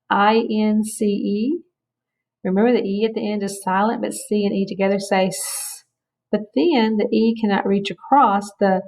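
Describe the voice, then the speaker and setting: A woman teaching a phonics lesson to children, speaking clearly and encouragingly as she sounds out words. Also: medium pitch, a little mellow.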